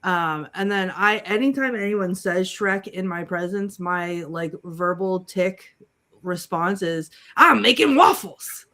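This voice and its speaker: A woman's voice: fairly low pitch, fairly even intonation, slow pace, fairly bright tone. A woman co-hosting a casual panel podcast, playfully reciting film lines with giggles. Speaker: podcast co-host.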